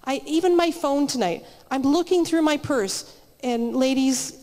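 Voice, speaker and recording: A woman's voice: sits high, a little slow, a little mellow. A woman giving a conversational sermon at a church meeting, telling stories in a chatty way with frequent restarts. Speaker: guest speaker at church meeting. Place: church hall, live meeting. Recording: reverberant live church hall.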